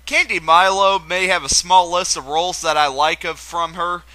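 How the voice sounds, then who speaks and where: A young man with a high, bouncing voice runs through a countdown with eager enthusiasm and playful asides. His tone is bright and sharp, recorded close in a dry, small room. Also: no echo, poor audio. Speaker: video host. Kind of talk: countdown commentary.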